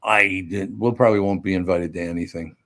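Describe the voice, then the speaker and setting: A man's voice: low voice, fairly even intonation, a little fast, fairly bright tone. An older man, hosting a casual radio chat and telling teasing family stories. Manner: teasing, storytelling. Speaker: radio show host.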